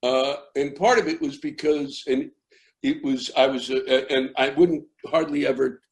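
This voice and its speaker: Gravelly older American comedian telling a story. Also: male voice, mid-range voice, fairly even intonation, unhurried, poor audio. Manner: rambling, with restarts that build into yelling. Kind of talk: storytelling interview.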